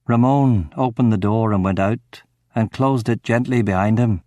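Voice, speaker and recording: A man's voice: lowish voice, moderate pace, dry recording, studio quality. A man reading a thriller audiobook, acting out the dialogue dramatically. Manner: dramatic, acts out the shouting dialogue. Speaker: audiobook narrator. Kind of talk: scripted audiobook narration.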